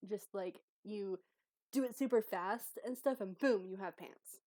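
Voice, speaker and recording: A woman playing a tabletop role-playing game, narrating her character's actions and voicing her lines in bursts, halting and laughing often. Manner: giggly, halting, speaks her character's lines in a high excited voice. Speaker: player.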